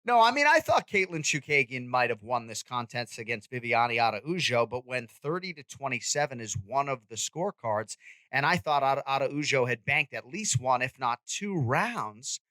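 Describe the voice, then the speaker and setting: Bright-voiced man talking fights. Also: mid-range voice, no room sound. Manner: animated, quick and conversational. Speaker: podcast host and MMA commentator. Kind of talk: casual sports chat.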